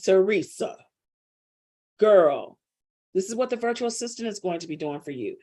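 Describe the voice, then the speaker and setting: A middle-aged woman business coach teaching a live online class, chatty and teasing as she calls on students by name. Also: mid-range voice.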